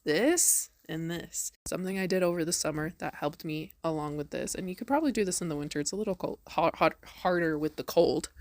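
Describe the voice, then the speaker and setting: A young woman with a low voice talks through spiritual advice in a chatty, earnest way. She acts out inner voices with big swings in tone. Her voice sounds dry and close, with no room echo. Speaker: spiritual wellness vlogger. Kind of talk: casual spiritual advice talk.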